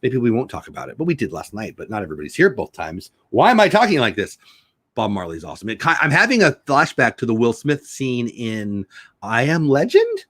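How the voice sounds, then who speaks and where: A man's voice: mid-range voice, sing-song, brisk, fairly bright tone, no room sound, clean studio sound. A middle-aged man hosts a chatty livestream from his home, wandering from one joke to the next. His voice swings widely up and down as he reads viewers' comments aloud. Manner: rambling, jokey, reads chat comments aloud. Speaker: livestream host. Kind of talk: casual livestream chat.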